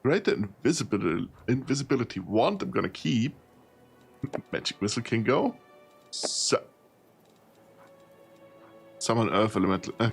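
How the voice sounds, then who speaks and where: A man's voice: fairly low pitch, gravelly. A tired man streaming a role-playing game, thinking aloud as he sorts loot, often laughing. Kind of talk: casual gameplay commentary.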